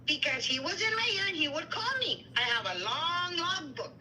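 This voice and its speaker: Indignant high-voiced woman. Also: expressive, bright, forceful tone, slight background noise, low-quality recording. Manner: indignant, rapid retelling with quoted dialogue, mixes Spanish. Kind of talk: heated livestream chat.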